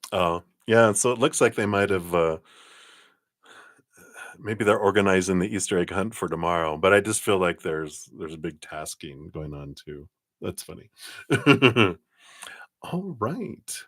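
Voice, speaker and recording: A man's voice: sits low, measured pace, fairly bright tone, dry recording, studio quality. A man giving a live-streamed tarot reading, chatty and laughing often, with lots of ums and you-knows. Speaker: tarot card reader.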